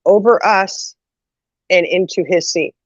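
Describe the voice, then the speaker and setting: Taking it slowly in a lowish voice, a woman hosts a casual chat and tells a comic family story. Animated throughout, she laughs often and acts out the quotes. The audio is dull and lo-fi with no room sound.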